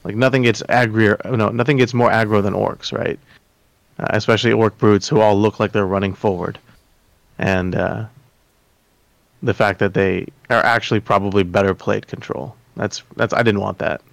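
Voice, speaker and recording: Man, podcast guest, rambling, hesitant, lowish voice, dry close sound. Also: steady tone, normal speed, creaky, no room sound. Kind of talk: casual chat.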